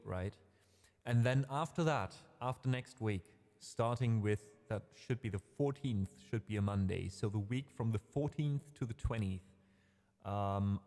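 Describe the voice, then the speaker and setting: A man with a fairly low, darkish voice hosts a casual music livestream from his home streaming room, which has a big-room sound. He rambles a bit, corrects himself, and chats warmly with his viewers.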